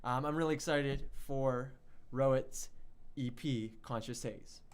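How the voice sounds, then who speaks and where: A young man hosting an online radio livestream, chatty and excitable, reading viewer chat and hyping an upcoming release. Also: mid-range voice, slow. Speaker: online radio show host.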